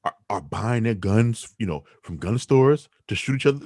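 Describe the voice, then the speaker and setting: Animated man ranting on a podcast. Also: medium pitch, fairly quick, dry recording, studio quality. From New York City. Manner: emphatic, animated, argumentative. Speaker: podcast host. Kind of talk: opinionated podcast rant.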